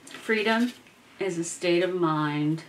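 A woman's voice: lowish voice, takes it slowly. A woman, chatting through a craft demo at her home desk and often dropping into half-whispered asides as she works. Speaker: crafting vlogger. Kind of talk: casual craft demo talk. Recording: noisy home recording.

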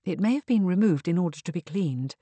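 Woman reading a quiet, composed Regency lady. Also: fairly low pitch, animated, a little fast, breathy edge, no room sound. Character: discreet resourceful young Regency lady.

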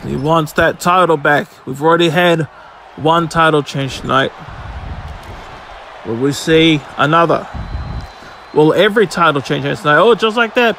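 Man, high voice, slow deliberate delivery, excited play-by-play, shouts at big moments, faint game noise behind. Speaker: video game commentator.

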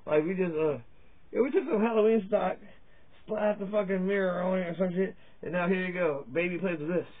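Tinny, phone-quality lo-fi audio catches a comedy vlogger from Virginia, USA, his voice sitting high and moving a little fast. He delivers a crude, profane, rambling stand-up style monologue to his camera, joking as he skips from one topic to the next.

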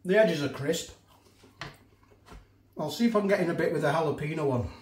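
A man's voice: fairly high pitch, animated, a little fast. A middle-aged man reviewing food in a casual vlog, rambling and repeating himself, sometimes talking with his mouth full. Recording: echoey room.

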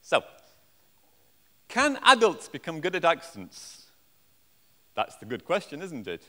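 A man with an English accent speaks at a conference, his delivery animated and full of self-deprecating jokes. His voice sits a little high and swings widely in pitch. The sound carries a long reverb from the hall around him. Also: takes it slowly. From England. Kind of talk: conference presentation.

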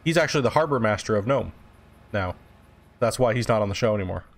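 A young man streams a game, talking loosely with viewers, swearing freely and replying to chat while he plays. He speaks fast and expressively in a fairly low voice.

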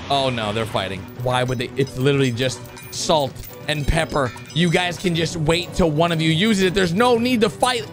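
A man hosting a video channel, giving excited play-by-play commentary on cartoons and breaking into sudden high-pitched shouts. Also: normal speed, hardly any pauses. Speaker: YouTube host reacting to cartoons. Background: background music.

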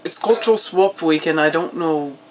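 A young American man talks to camera in a casual vlog, his voice sitting a touch high. He holds a put-on British accent that keeps drifting Scottish. He rambles and hesitates, apologizing often. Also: normal speed, darkish tone, muffled recording, slight background noise. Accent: put-on British attempt that comes out Scottish. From United States. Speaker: vlogger.

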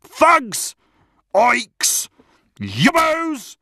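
A man's voice: extremely high pitch, huge pitch swings, extremely slow, pushed and bright, dry recording, clean studio sound, pitched above the performer's own voice, full character voice. A man voicing a furious older father bellowing insults from the touchline.

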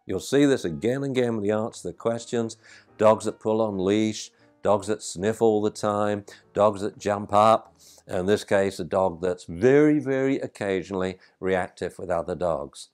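Brief: low-pitched male trainer, emphatic and lively, faint music underneath. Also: moderate pace. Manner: animated, emphatic, conversational. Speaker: dog trainer. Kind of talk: instructional talk answering a viewer question.

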